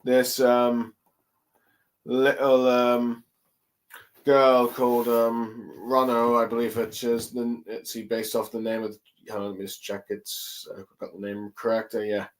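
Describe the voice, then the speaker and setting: A man's voice: medium pitch, monotone, low-quality recording. Hesitant man recapping with many fillers. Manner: halting, many ums and let's sees. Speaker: chapter reviewer. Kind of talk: casual solo commentary.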